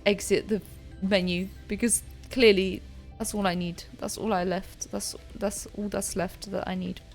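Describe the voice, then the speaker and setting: A woman's voice: mid-range voice, flat delivery, a little slow, soft background music. A young woman streaming a scary game, jumpy and chatty, talking to the creatures she meets. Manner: jumpy, talks to game creatures, screams when startled. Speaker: gaming streamer. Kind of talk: casual let's-play commentary.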